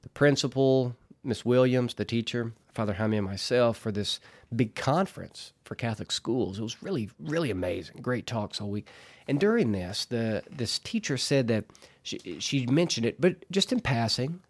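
A man's voice: mid-range voice, expressive, moderate pace. A man hosting a casual solo podcast, telling a story in a chatty, rambling way and laughing at himself.

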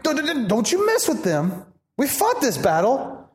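A pastor acting out a fervent, protective apostle, in a high voice with emphatic, repeated protests. He defends his fledgling flock and pleads for them not to be burdened. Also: wildly swooping pitch, unhurried, a little mellow, roomy sound, exaggerated voice.

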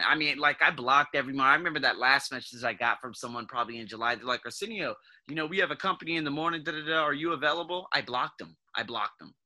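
A man in his thirties hosting a podcast, talking in a casual, blunt, profane monologue that swings between low muttering and loud outbursts. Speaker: podcast host.

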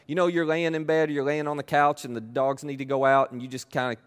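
Male pastor, conversational sermon delivery, lively, slightly higher voice. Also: fast, smooth. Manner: conversational, animated, acts out quoted pleas.

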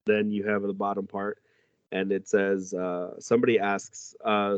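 Casting: casual man reading a comic, low voice, dry dull lo-fi recording. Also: little pitch movement, unhurried, clean tone, dry recording. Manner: reading aloud with fillers. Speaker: co-host reading a comic aloud. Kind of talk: casual chat.

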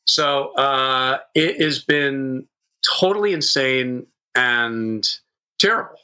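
A man in his fifties tells wild stories as a guest on a chat show. He swears freely and acts out the voices in his anecdotes. His voice is bright and forceful at an ordinary pitch. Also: slow, clean tone, low-quality recording. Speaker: guest, bar owner. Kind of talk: casual storytelling chat.

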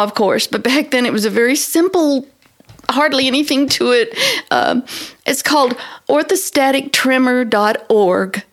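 Earnest middle-aged woman telling her story. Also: sits high. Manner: earnest and expressive, often speeding up. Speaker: podcast host. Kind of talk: personal storytelling monologue.

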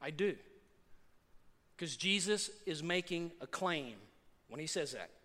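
High, bright animated preacher in a hall. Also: male voice, a little slow. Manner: animated preaching, acting out voices of people in the story. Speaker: pastor. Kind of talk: sermon. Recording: long reverb of a large hall.

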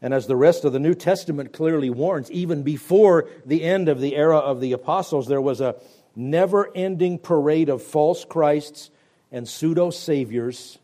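A male pastor teaches the Bible on radio in a mellow, somewhat high voice. He leans hard on key words, then lets his sentences fall quiet and low. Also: moderate pace. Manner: emphatic preaching with wide swings from loud stresses to quiet, low endings.

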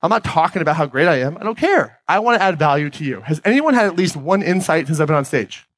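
An energetic man in a fairly high register delivers a motivational talk from a stage, often turning to his audience with questions. His voice comes through dry and close, with little room sound. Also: quick pace, no echo. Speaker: podcast host giving a talk on stage. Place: stage before a live audience.

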